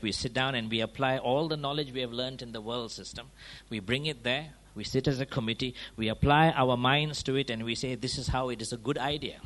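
A man preaching a sermon, driving his points home with rhetorical questions and quick checks like "huh?" and "yeah?", his volume rising and falling for emphasis. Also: mid-range voice, fairly bright tone. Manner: emphatic, swings between raised and dropped volume.

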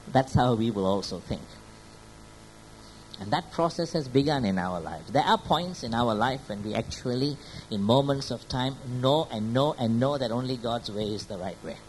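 A man's voice: animated, moderate pace, a little mellow, low-quality recording. A man preaching a sermon. He often checks in with his listeners, asking "Hmm?" and "Yeah?", and grows more emphatic as he builds his points. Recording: faint background noise and low rumble.

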